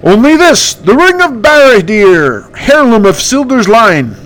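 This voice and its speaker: Man doing a heroic ranger captain, high and shrill, bossy, stammering. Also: very animated, measured pace, a bit bright, heavily acted. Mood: insistent. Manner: high strained commanding voice, stammering. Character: heroic male ranger captain, commanding and earnest.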